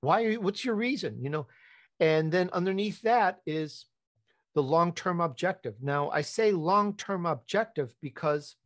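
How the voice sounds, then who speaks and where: A man speaking as a podcast guest, his voice sitting a little high for a man. He talks emphatically, repeats himself and builds to animated peaks. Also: a little slow. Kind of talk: conversational podcast interview.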